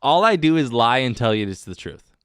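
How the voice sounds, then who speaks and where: Rambling, jokey man with a smooth voice. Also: mid-range voice, big pitch swings, fairly quick, fairly bright tone, dry recording, studio quality. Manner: rambling, self-mocking and jokey. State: wired on coffee. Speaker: podcast host. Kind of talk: casual solo podcast chat.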